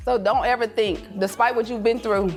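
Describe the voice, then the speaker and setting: A woman giving a passionate, faith-filled motivational speech to a live audience, emotional at times and slipping into lively voices when she quotes her children. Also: moderate pace, soft background music. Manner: passionate and preachy, mixing faith with business advice; swings into high, laughing voices when quoting her kids and herself. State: emotional, near tears at times. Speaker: event speaker. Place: event room with an audience.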